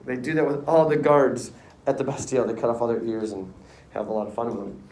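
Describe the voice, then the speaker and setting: A middle-aged man teaching a history class in a casual, joking way, often slipping into quick voices for the people in his story. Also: medium pitch, steady tone, a little mellow, slight background noise. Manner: jokey storytelling, acts out quick character voices. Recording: echoey classroom, voice from far off.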